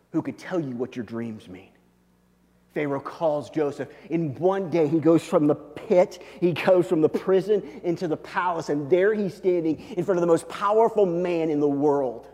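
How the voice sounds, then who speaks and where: A man preaching a sermon as a pastor, telling the story animatedly and swinging between loud and hushed. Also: a little high, in a large hall.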